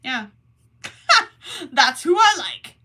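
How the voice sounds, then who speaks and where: A young woman chats on her livestream in an unhurried, meandering way, often trailing off and poking fun at herself. Her voice is bright and sits a little high. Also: sing-song. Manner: slow, rambling and self-deprecating, with soft asides. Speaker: crochet livestream host. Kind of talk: casual livestream chat, reading chat messages.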